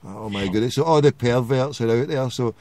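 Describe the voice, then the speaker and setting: A man's voice: medium pitch, fairly quick, crowd noise. Man hosting late-night banter. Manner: joking, swearing banter. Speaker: host. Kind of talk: late-night call-in chat.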